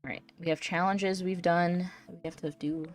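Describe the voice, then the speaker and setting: A woman's voice: lowish voice, steady tone, moderate pace, soft background music. A woman chatting casually while streaming a video game, giggly and talkative. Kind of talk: casual gameplay chat.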